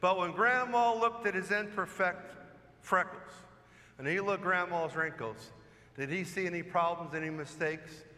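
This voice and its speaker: Priest giving a homily, man with a high, bright voice, chatty storyteller, long echo of a church. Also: moderate pace. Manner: storytelling, conversational preaching with rhetorical questions. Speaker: parish priest. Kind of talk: sermon.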